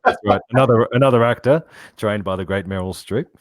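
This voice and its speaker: A middle-aged Australian man with a very low voice talks in a rambling, easygoing way as an interview guest. The recording is dry and close, with no room sound. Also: brisk, dry recording. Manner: rambling, laid-back. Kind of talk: casual interview chat.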